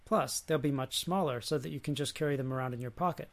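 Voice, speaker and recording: A man reading aloud and voicing a loud, boastful horned male god who roars his lines. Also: medium pitch, quick pace, close to an everyday voice. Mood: chatty. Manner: roaring, bombastic.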